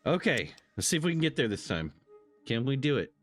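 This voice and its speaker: A man's voice: medium pitch, very animated, brisk, a bit bright, soft background music. A man casually commenting on his first playthrough of a game, chatty and laughing often. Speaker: gaming channel host. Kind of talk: casual let's-play commentary.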